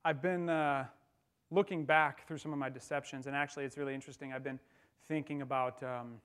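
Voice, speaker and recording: A pastor giving a sermon in a conversational way, with wry humor, in a church. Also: male voice, mid-range voice, steady tone, brisk, a bit bright, clean tone.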